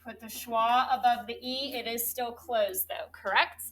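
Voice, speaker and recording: A woman teaching a third grade spelling lesson, spelling words out slowly and clearly letter by letter. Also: a little high, steady tone, fairly bright tone, slight background noise.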